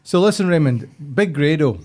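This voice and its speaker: A man's voice: on the high side, animated, normal speed, darkish tone. A man hosting a football podcast in casual chat, laughing easily. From Scotland. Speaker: podcast host.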